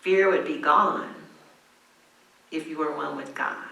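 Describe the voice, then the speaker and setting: A woman pastor giving a sermon, teaching gently and with emphasis, acting out short prayers as she goes. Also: low voice, takes it slowly, gravelly, distant mic, lo-fi sound. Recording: echoey room, voice from the mic.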